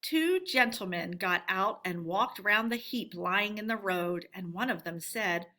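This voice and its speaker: Bright-voiced woman reading a storybook aloud. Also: medium pitch, measured pace, few pauses.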